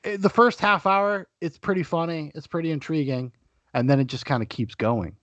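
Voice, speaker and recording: A man's voice: on the high side, normal speed, fairly bright tone, no echo, lo-fi sound. A man hosting a casual podcast chat, swearing freely and slipping into mock-boastful rants. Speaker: podcast host.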